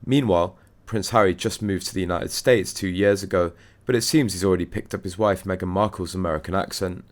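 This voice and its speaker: A man with a very low voice reads a scripted news segment. His delivery is steady and formal, like a read-aloud bulletin. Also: fairly quick. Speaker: news narrator.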